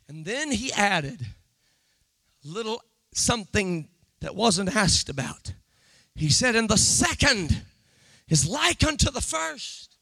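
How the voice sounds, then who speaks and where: A man preaching a sermon, swinging from shouted, drawn-out emphasis to low, quiet asides. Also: sing-song, gravelly, no room sound.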